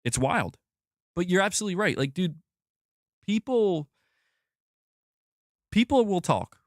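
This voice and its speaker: A man hosting a gaming channel livestream, ranting in an exasperated, profane way that repeats itself and climbs in pitch as he gets worked up. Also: very animated, measured pace, no echo, clean studio sound. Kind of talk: livestream rant reading chat.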